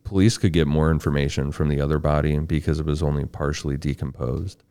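Very deep, gravelly man narrating true crime. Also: steady tone, dark tone, no room sound. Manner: reads case details in a measured, matter-of-fact way. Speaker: podcast host.

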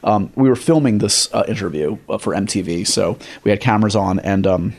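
A man's voice: fairly low pitch, fairly quick, darkish tone. A man hosting a podcast, talking in a casual, chatty way with many fillers and restarts. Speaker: podcast host. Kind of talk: casual chat.

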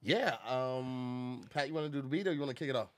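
A man's voice: medium pitch, a little fast, a bit bright. A man co-hosting a comedy podcast, chatting casually, playful and laughing as he hypes up his guests. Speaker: podcast co-host. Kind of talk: casual chat and improvised rap.

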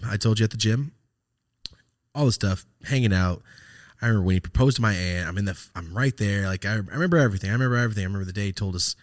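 Low-ish voiced guy hosting a podcast, swearing a lot, rambly and reflective, lots of ums and restarts. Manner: loose, profane, reflective, with many fillers and restarts. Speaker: podcast host. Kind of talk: casual storytelling chat.

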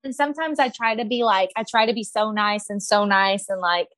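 A woman talking casually as a podcast guest, acting out whiny kids and her own yelling. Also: medium pitch, a little fast, few pauses. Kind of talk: casual chat.

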